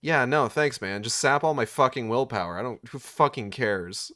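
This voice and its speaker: Bright-voiced, foul-mouthed game streamer man. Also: medium pitch, moderate pace. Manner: profane, excitable, swears often; chatty, talks to viewers. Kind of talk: live gameplay commentary.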